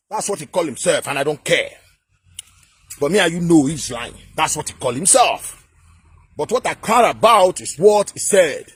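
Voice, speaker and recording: Fiery, husky-voiced Nigerian man. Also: a little high, no room sound. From Edo State, Nigeria. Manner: fiery, repetitive, at times shouting. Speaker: political vlogger. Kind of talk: impassioned political rant to camera.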